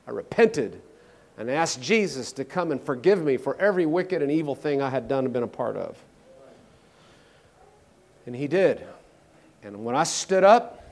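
A man preaching a personal testimony sermon, emphatic, swinging between loud declarations and hushed low passages.

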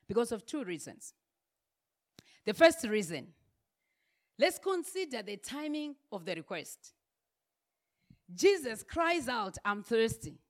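A woman preaching a sermon, building her points through emphatic repeated refrains. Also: a little high.

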